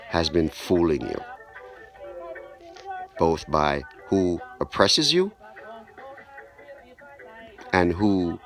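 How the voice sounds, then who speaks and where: A deep-voiced man preaching in spoken-word style, slow and measured, leaning on repeated phrases for weight. Faint music runs underneath his low voice. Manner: slow, deliberate, repetitive emphasis.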